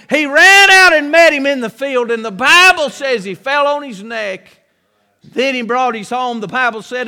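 High-voiced, bright preacher man. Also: smooth. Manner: folksy storytelling preaching. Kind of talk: sermon. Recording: long hall reverb.

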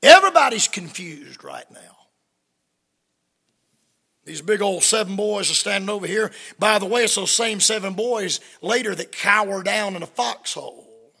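High-voiced, gravelly male preacher, dramatic storytelling, long hall echo. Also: animated, measured pace, pauses often. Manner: dramatic storytelling, swinging from hushed to shouting. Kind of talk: sermon.

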